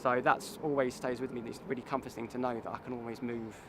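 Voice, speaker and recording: A man of middling pitch speaks thoughtfully and in a measured way. He is recorded outdoors, with clear street and traffic noise behind him. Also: level tone. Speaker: canal boater. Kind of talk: reflective interview.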